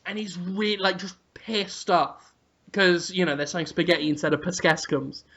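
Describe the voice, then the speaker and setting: A man co-hosting a comedy podcast, telling an absurd, crude story in an animated way. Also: high voice, normal speed, lo-fi sound. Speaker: podcast co-host.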